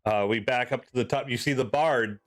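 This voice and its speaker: Male game master, casual halting narration, mid-pitched, soft music bed. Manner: loose, halting narration with many fillers.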